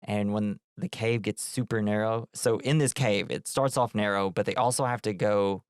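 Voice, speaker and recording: Another podcast co-host recaps the film casually, his voice low-leaning, clear and resonant at an ordinary pace. The studio sound is clean with no room sound, and he acts out quotes in put-on voices during his lively storytelling.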